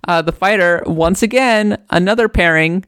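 Animated woman co-hosting a podcast. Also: lowish voice, normal speed, smooth, no echo, clean studio sound. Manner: animated, reading a listener letter aloud. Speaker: podcast co-host. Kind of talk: casual podcast chat.

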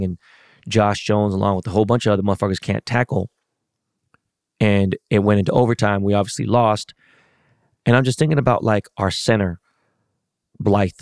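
A man's voice: on the low side, a little mellow, dry recording, studio quality. A middle-aged man in a casual, profane rant, venting about a loss. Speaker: sports fan.

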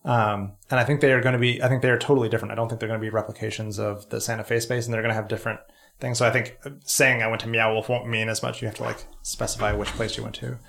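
A man with a gravelly, creaky voice chats casually as a podcast co-host. He rambles, jokes and leans on fillers, talking into a studio mic. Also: lowish voice, little pitch movement, rapid-fire, a bit bright. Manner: rambling, jokey, many fillers. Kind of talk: casual chat.

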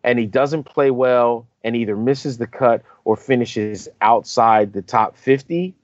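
A man co-hosting a golf podcast, telling a story in a casual, animated way and acting out the quotes. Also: medium pitch, a little slow, no echo, dull audio. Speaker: podcast co-host, on-course reporter.

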